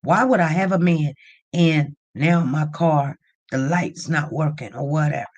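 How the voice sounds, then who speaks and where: A woman tells a story on her livestream in a casual, chatty way. Her delivery is animated, and it climbs to loud near-shouts when she gets worked up. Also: low-pitched, measured pace. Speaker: livestream host.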